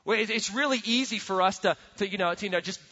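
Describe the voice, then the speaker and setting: Wysoki, jasny głos pastora, pogłos sali. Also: male voice, high-pitched, fast talker. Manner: earnest, animated storytelling with repeated words. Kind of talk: sermon. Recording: dull sound with long hall reverb.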